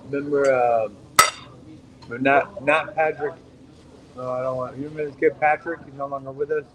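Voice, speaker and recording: A man's voice: medium pitch, steady tone, normal speed, background noise. A man hosting a casual podcast chat in a restaurant, talking loosely with lots of swearing and joking. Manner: loose, profane, joking banter. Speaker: podcast host. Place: waffle restaurant.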